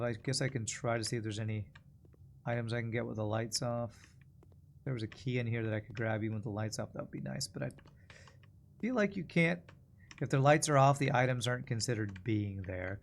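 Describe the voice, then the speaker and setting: American male streamer, mid-pitched, casual, muses aloud while playing. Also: slight background noise. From United States. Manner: thinking aloud, rambling and musing. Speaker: streamer playing a video game. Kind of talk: casual gameplay commentary.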